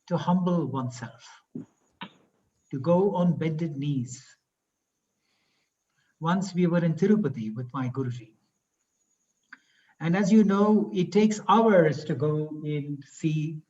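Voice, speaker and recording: A man, a professor giving a spiritual talk and telling stories with slow, emphatic phrasing. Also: fairly high pitch, darkish tone, muffled recording. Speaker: guest speaker, professor.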